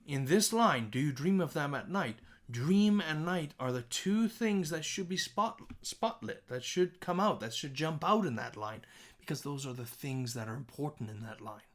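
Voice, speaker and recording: A man teaching a songwriting lesson, explaining stressed syllables in an animated way and speaking example lines with strong emphasis. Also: fairly high pitch, normal speed. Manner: restarts and self-corrections while explaining. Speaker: music teacher.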